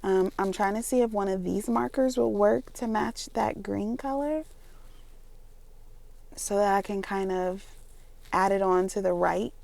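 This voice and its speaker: Young woman, mid-pitched, casual planner vlogger; animated storyteller who voices the people she quotes and drifts into soft whispers. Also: a little slow, vocal fry. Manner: animated, acts out family voices in quoted dialogue; drops to a soft, near-whispered voice at times.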